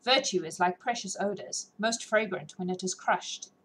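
A woman's voice: medium pitch, normal speed, fairly bright tone, a little hiss or hum, lightly acted, low-quality recording. A woman reading as a witty, mischievous noblewoman. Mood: arch. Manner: light, arch, poised.

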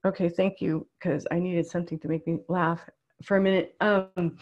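A woman hosting an online workshop over a video call, reading out what participants wrote. Her voice sits a bit low, and she talks in an upbeat, emotional, chatty way with plenty of fillers. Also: little pitch movement, normal speed, darkish tone, lo-fi sound. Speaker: webinar presenter.

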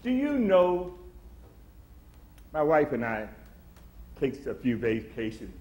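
A man's voice: fairly high pitch, very animated, takes it slowly, darkish tone. A man preaching a sermon, swelling into emphatic, acted-out quotes in a church. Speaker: pastor. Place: church sanctuary. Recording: echoey church room.

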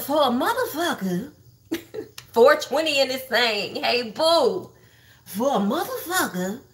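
A Texas woman with a high, fairly bright voice hosts a livestream, gossiping bluntly and profanely about online drama directly to her viewers in casual commentary.

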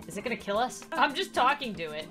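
A woman's voice: on the high side, big pitch swings, quick pace, a bit bright, soft background music. A young woman playing a life-simulation game and commenting, reading the game text aloud, often shrieking and laughing. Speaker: gaming YouTuber. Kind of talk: Let's Play commentary.

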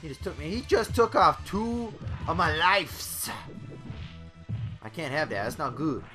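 A man giving brash, profane let's-play commentary full of excited yelps and outbursts. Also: fairly high pitch, a little slow, over music. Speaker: gaming YouTuber.

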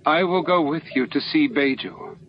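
A man voicing a timid but determined alien who speaks gently and earnestly, on a lo-fi recording with faint hiss. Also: on the high side, normal speed, pitched above the performer's own voice, natural voice. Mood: resolute.

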